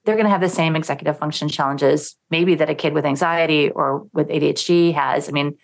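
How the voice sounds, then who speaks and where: Lively low-voiced middle-aged woman. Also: a little fast, gravelly. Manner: animated, acts out quoted thoughts in lively voices. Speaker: parenting coach, guest. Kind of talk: podcast interview conversation.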